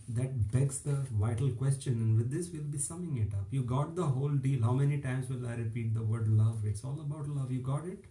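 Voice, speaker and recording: A man delivers an informal sermon straight to his listeners, pressing each point with emphatic repetition and small chuckles. His voice is deeply mellow and dark, at an ordinary pitch for a man. It rings out in a noticeably echoey room. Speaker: preacher.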